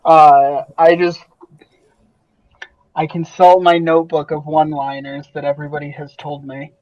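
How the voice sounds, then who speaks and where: A man's voice: on the high side, level tone, normal speed, a little mellow. A man playing a tabletop game, talking hesitantly with many fillers. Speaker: player. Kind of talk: casual tabletop play. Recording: dull lo-fi stream audio.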